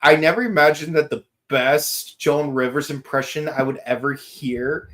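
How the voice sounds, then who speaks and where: A man co-hosting a podcast, chatting casually about a TV series with quick, wry interjections. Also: a little high, a bit bright. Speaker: podcast co-host. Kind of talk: casual chat recapping a TV series.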